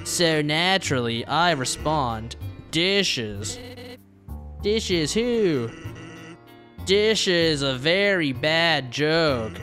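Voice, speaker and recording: A man reading aloud as a laid-back joking male skeleton in a video game, in a slow drawl that leans southern. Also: a little high, animated, sharp tone, faint music behind, full character voice. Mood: easygoing.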